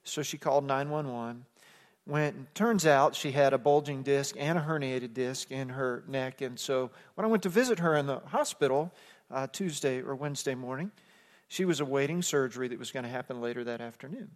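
A man's voice: mid-range voice, a little fast. A man preaching a sermon as pastor, telling a story in a conversational way that builds to impassioned emphasis. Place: church sanctuary. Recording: long reverb of a church sanctuary.

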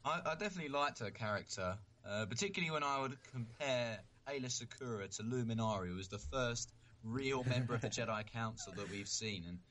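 A man's voice: medium pitch, a little fast, sharp tone. A man co-hosting a podcast in casual chat, earnest and thinking aloud as he talks. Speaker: podcast co-host.

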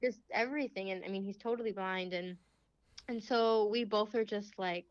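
A young woman guest telling a faith story in casual chat, full of "like"s and quick laughs. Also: mid-range voice, fairly even intonation, clean tone, dry recording. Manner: chatty, many fillers and "like"s, laughs often. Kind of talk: casual testimony in a faith podcast. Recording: slightly dull, lo-fi.

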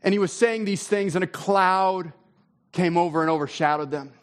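A man preaching a sermon in a conversational way, his voice climbing when he gets excited. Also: high voice, moderate pace, smooth. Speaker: pastor.

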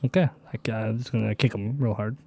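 A man in character at a tabletop game, excited and grumbling. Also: fairly low pitch, fast talker, creaky, slightly rough, no echo. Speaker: player.

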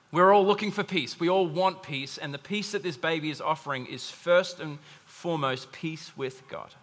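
A man's voice: fairly high pitch, fairly quick, hardly any pauses, pushed and bright. A man preaching a sermon to a congregation, conversational, with asides and humor. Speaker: pastor. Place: church hall. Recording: long hall reverb.

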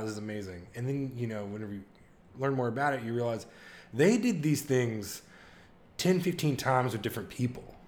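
Brief: male co-host, mid-pitched, animated storyteller, casual chat. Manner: excited storytelling with laughs and impressions. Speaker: podcast co-host.

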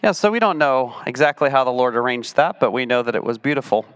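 A pastor interviewing a guest during a church service. He leads with prompting questions and drops in a few lighthearted asides, sounding relaxed in front of his congregation. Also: medium pitch, fast, clean tone.

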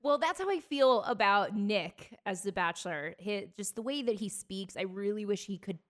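A woman's voice: medium pitch, lively intonation, normal speed, fairly bright tone. Chatty woman co-hosting a podcast. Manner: chatty storyteller, laughs easily. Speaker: podcast co-host. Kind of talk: casual chat.

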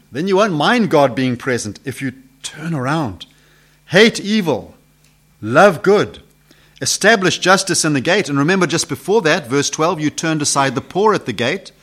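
A man preaching an expository sermon, posing rhetorical questions to his listeners and swinging from loud emphasis to hushed questions. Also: a little high, lively intonation, normal speed.

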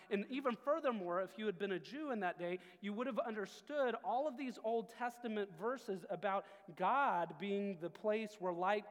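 A man preaching a sermon as pastor, earnest, dropping low and quiet on key phrases. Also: in a large hall.

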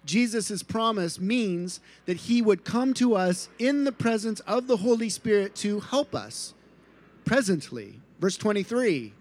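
A man preaching a sermon at an outdoor tent gathering, earnest, moving between soft hushed passages and rising emphatic ones. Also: high voice, no room sound. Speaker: pastor.

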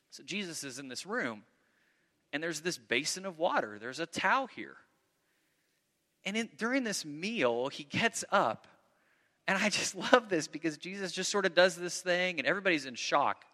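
A man preaching a sermon in an animated way, acting out the voices of the people in his story and often repeating words as he goes. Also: on the high side. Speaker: pastor. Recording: long hall reverb.

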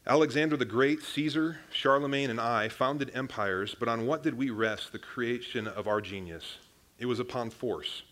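A man's voice: mid-range voice, fairly bright tone. Casual young man preaching a sermon. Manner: casual and conversational, with frequent restarts and "guys". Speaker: pastor.

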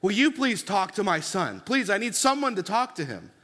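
A man's voice: high-pitched, sing-song, normal speed, sharp tone, long reverb tail, pitched above the performer's own voice, heavily acted. A man speaking as a distraught middle-aged mother, pleading anxiously in a raised voice.

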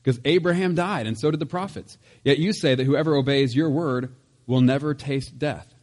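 A man's voice: medium pitch, moderate pace, a little mellow. A man preaching a casual, conversational sermon, chatty with laughs and asides. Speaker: pastor.

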